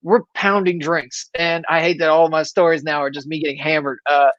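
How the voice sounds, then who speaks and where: A man's voice: on the high side, flat delivery, a little fast, fairly bright tone, dry recording, muffled recording. A male stand-up comedian from Florida telling anecdotes in casual chat, acting out quoted lines along the way.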